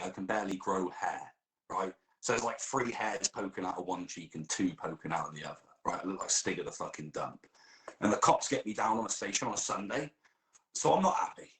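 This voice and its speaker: A man's voice: on the low side, fairly bright tone, echoey room, rough recording. A man telling a comic story during role-play, swearing a lot and laughing as he goes.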